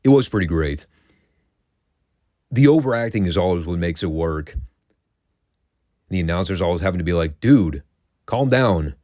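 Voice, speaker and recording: Wry low-voiced man recapping wrestling. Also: moderate pace, long pauses, dark tone, dry recording, studio quality. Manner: wry, sarcastic, swears casually. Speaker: podcast host reviewing classic wrestling. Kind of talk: casual recap commentary.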